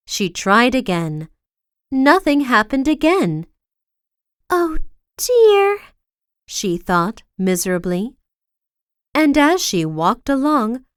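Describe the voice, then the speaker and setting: A woman reads a children's storybook aloud, slow and expressive. Her voice is smooth and fairly high, with lively swings in pitch. The close mic gives a dry, intimate sound. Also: no echo. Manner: slow, expressive reading with big swings for effect.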